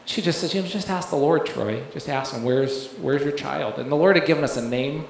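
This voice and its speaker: A man's voice: a little high, a little fast, gravelly. A man shares a personal story at a church service, wandering through fillers and false starts. His voice echoes heavily around a large room, with faint noise underneath. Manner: rambling, full of fillers and restarts, laughs while telling. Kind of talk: sermon testimony.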